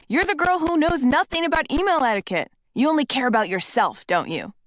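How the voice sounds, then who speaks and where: A woman's voice: sits high, expressive, brisk, no echo, clean studio sound, voice pushed up. A woman voicing a rude man who mocks someone in public, in a taunting, raised voice. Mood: mocking. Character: rude mocking man heckling at an event.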